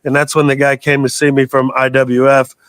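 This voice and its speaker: A man's voice: mid-range voice, monotone, fairly quick, fairly bright tone, clear, resonant tone, no room sound. A man in his sixties from the United States, a guest telling long rambling stories in a casual interview and swearing freely. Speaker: guest, metal singer.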